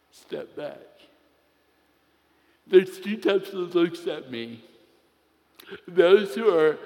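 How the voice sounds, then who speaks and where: A man's voice: high-pitched, a little mellow. A man preaching a sermon, telling a personal story with playful humor before turning to scripture. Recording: long reverb of a large hall.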